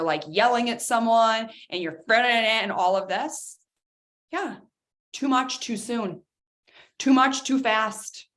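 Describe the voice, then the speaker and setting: A woman hosting a motivational talk on stress, lively and direct, talking straight to her listeners. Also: medium pitch. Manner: animated, addresses listeners as guys. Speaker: workshop host.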